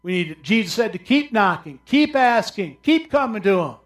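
A male pastor preaching a sermon, swinging from loud, raised cries down to low, quiet murmurs. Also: big pitch swings, moderate pace.

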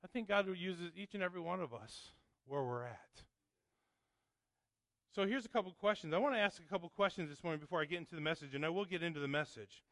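A man's voice: high-pitched, a bit bright, no room sound. A male pastor preaching a sermon, emphatic and full of rhetorical questions to the congregation.

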